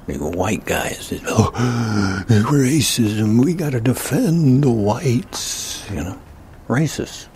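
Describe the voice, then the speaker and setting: A man giving a ranting political commentary, emphatic, often dropping into breathy whispered asides. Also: fairly low pitch, darkish tone, slight background noise.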